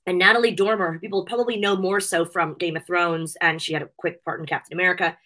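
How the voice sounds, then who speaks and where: Bright-voiced gushing woman guest. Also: on the low side, steady tone, quick pace. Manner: gushing, emotional, laughs often. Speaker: interview guest, wrestling show host. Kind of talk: casual interview chat.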